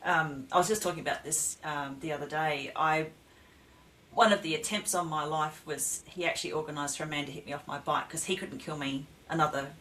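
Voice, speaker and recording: A woman's voice: sits low, steady tone, brisk, a bit bright, low-quality recording. A woman speaking as a podcast guest, recounting painful past events in a plain, matter-of-fact way. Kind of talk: casual podcast conversation.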